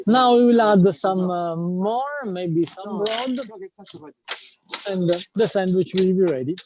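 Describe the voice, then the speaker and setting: A man with an Italian accent guiding a street tour in English, enthusiastic and halting as he searches for words. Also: high-pitched, low-quality recording. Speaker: tour guide. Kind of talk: live walking tour talk. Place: busy street outdoors. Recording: crowd noise behind.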